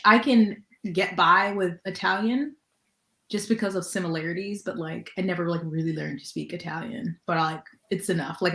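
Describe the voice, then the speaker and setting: A woman in casual chat on a book club stream, rambling and laughing, with a lot of "like" in her speech. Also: on the low side. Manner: chatty, lots of "like" and laughter. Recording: roomy echo.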